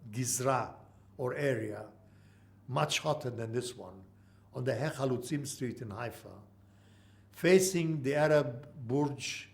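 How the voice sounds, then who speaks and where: A man in his eighties from Mandatory Palestine, telling an oral history in halting speech with many pauses. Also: medium pitch. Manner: halting, with frequent uh pauses and restarts. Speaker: interviewee.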